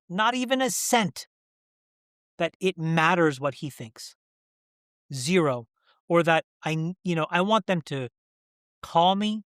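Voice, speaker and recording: A man's voice: a little high, a bit bright, smooth, no echo, studio quality. A man in his forties, a guest in an interview, talking earnestly and emphatically, often restarting mid-sentence. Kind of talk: candid interview conversation.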